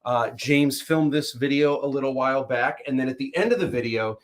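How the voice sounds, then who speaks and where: A man's voice: mid-range voice, fairly quick. Upbeat male livestream host. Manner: upbeat announcer-like, hesitant with fillers. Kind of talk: casual livestream chat.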